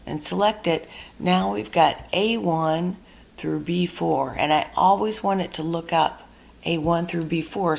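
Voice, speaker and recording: A woman teaches a spreadsheet lesson over a screen recording. Her voice sits low and carries heavy vocal fry. She talks herself through every step in a relaxed, chatty way. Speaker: instructor. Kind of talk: screen-recorded software tutorial.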